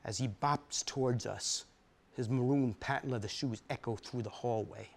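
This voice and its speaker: Animated, streetwise male storyteller. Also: medium pitch, moderate pace. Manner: vivid, streetwise, animated, with frequent "man" and profanity. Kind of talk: dramatic first-person storytelling reading. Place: studio stage reading.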